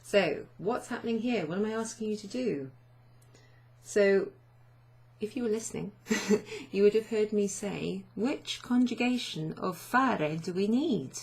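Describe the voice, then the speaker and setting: Gravelly-voiced woman teaching a language lesson. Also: mid-range voice, expressive, a little slow, darkish tone. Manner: chatty, self-deprecating, asks learners questions.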